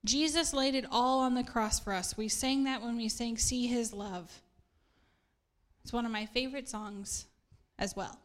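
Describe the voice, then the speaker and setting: A woman's voice: on the high side, unhurried. A middle-aged woman pastor, preaching a casual sermon in an earnest, chatty way and laughing at herself now and then.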